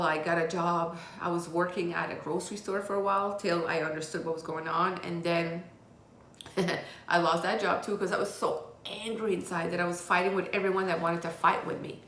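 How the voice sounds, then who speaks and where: A woman's voice: fairly low pitch, fairly even intonation, normal speed, fairly bright tone, a little hiss or hum. A woman telling her own hard life story in a candid, raw way, with blunt swearing, as a confessional vlog. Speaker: vlogger. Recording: roomy echo.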